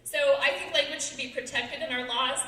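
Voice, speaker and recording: A young woman in her twenties, a student giving an earnest, quick persuasive talk on stage. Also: high-pitched, steady tone, bright, forceful tone. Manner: earnest, quick, laughing now and then. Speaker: student speaker. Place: large hall with audience. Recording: echoey hall from far off.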